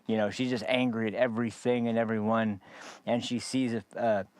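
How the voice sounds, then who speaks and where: A man's voice: on the low side, little pitch movement, brisk, darkish tone, dry recording. Sarcastic rambling male commentator. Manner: rambling, sarcastic, many fillers. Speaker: podcast host. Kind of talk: political commentary monologue.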